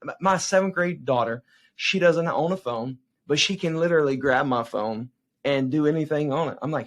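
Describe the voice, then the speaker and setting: A man in his forties, a youth evangelist, answering interview questions as an animated storyteller who keeps checking in with "right?". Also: fairly high pitch, a little fast.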